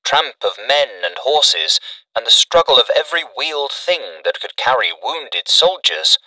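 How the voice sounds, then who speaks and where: Bright-voiced man narrating a classic story. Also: mid-range voice, big pitch swings, dry recording, recorded from a distance, poor audio. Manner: measured, dramatic reading.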